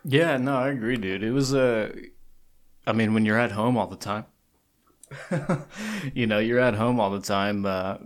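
A man's voice: fairly low pitch, fairly even intonation, measured pace, pauses often. A man co-hosting a podcast in casual chat, joking and enthusiastic as he talks. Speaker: podcast co-host. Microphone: studio podcast mic across a table.

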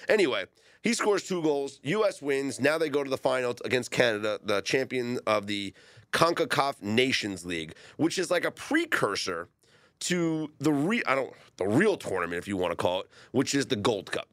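A man hosting a sports betting show, chatting casually and getting excited as he talks. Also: mid-range voice, normal speed, no echo, studio quality.

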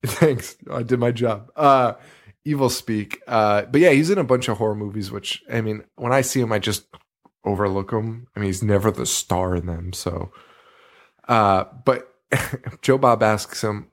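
A man co-hosting a horror movie podcast in casual chat, animated and quick to laugh, swearing freely. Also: fairly low pitch. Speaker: podcast co-host.

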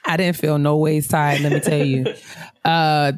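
A woman co-hosting a podcast, telling stories in a casual, animated way, acting out voices and laughing often. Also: sits low, measured pace, dry recording. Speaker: podcast co-host. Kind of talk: casual storytelling chat.

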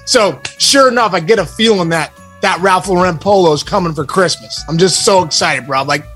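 A high-voiced man spins a story as a podcast co-host and acts out each quoted voice with relish. He talks in a loose, casual way, and faint music sits underneath. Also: a little fast, a bit bright. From Pittsburgh area, USA.

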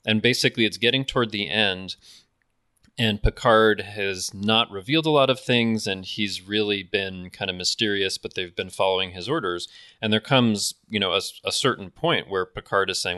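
A man's voice: lowish voice, normal speed, bright, forceful tone, dry recording, clean studio sound. A man co-hosting a podcast in casual chat, enthusiastic and self-deprecating, often restarting his sentences. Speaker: podcast co-host.

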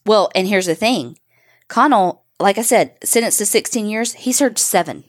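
A woman's voice: mid-range voice, lively intonation, moderate pace. A woman co-hosting a podcast, bluntly recounting a true crime case and swearing. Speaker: podcast co-host.

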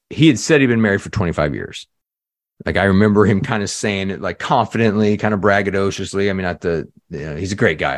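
A man, a leadership coach guest on a podcast, telling a story in a lively conversational way, full of "you know" fillers and acted-out quotes. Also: fairly low pitch, no echo, studio quality.

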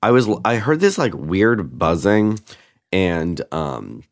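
A man's voice: low-pitched, sing-song, slow, no echo, clean studio sound. A man chatting casually as a podcast guest, telling rambling stories full of "like". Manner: rambling storyteller, heavy use of "like". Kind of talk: casual chat.

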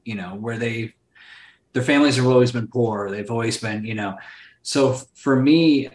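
A man's voice: medium pitch, normal speed, a little mellow, slight background noise. A man talking as a podcast guest in casual chat, loose and rambling, full of fillers and swearing. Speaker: podcast guest, solar sales entrepreneur. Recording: roomy echo.

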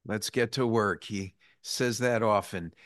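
A man's voice: fairly low pitch, fairly even intonation, a little slow, fairly bright tone, no room sound, studio quality. A man hosting an interview, speaking in a reflective and emotional way. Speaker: interview host. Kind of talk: political interview.

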